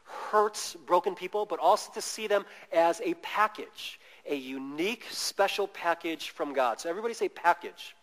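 A man preaching a sermon in an animated way, acting out quoted voices as he tells stories. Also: fairly high pitch. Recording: long reverb of a large hall.

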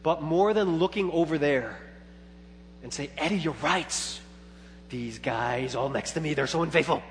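A man in his thirties preaching a sermon as pastor, telling a story with lively swings from quiet reflection to loud, excited retelling of his own thoughts. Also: on the high side, unhurried. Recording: long church hall reverb with faint hum.

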